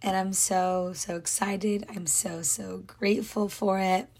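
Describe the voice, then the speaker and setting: A young woman hosting her own podcast, her voice hoarse and nearly gone, talking in an earnest, rambling way full of "like". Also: medium pitch, fairly even intonation, slow pace, darkish tone. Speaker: podcast host. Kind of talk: casual solo podcast talk.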